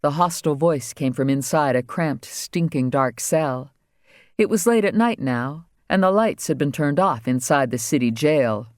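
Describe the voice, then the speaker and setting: A man reading a crime novel aloud as audiobook narrator, wry and steady. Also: on the high side, normal speed, no echo, clean studio sound. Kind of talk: scripted narration.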